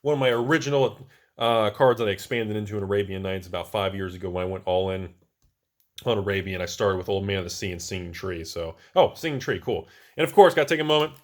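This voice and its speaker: Chatty low-voiced man, excitable and wisecracking. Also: fast talker. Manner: chatty, jumps between loud excited bursts and low mutters; wisecracking, self-mocking. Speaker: host, card collector. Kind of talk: casual card collection show-and-tell.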